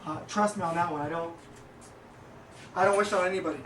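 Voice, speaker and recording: A man's voice: high-pitched, fairly bright tone. Rambling man in an echoey room. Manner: rambling and halting, with many fillers. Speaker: podcast host and small business owner. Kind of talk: casual motivational monologue. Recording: echoey room, distant mic, faint noise.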